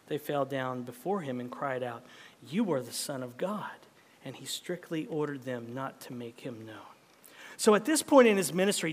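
A high-pitched man preaches a sermon. He talks conversationally, with everyday comparisons and rhetorical questions. His voice rings out with a long echo, as if heard in a big hall. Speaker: pastor. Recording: long reverb of a large hall.

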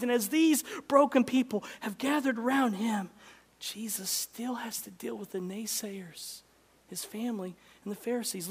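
High-voiced preaching man, whispering to booming. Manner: swings from loud emphatic preaching to hushed near-whispers. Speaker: pastor. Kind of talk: sermon.

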